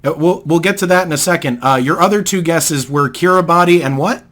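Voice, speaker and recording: A man's voice: a little high, fairly quick, fairly bright tone. A young man from New hosting a podcast, explaining things patiently in casual chat. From New England, United States. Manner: explains patiently, with many fillers and restarts. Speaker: podcast host.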